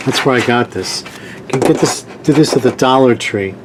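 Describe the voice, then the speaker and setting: A man's voice: mid-range voice, moderate pace, noisy background. A man hosting a sewing tutorial, giving patient step-by-step instructions and repeating key points.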